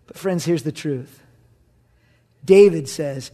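A man's voice: sits high, animated, moderate pace, a little mellow, husky. A middle-aged male pastor from Southern California, preaching a sermon in a humorous, conversational way and acting out quotes.

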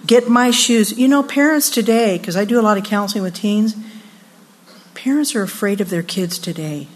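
A woman in her sixties giving a sermon at a women's retreat, expressive and acting out voices when she quotes people. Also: mid-range voice, a little fast.

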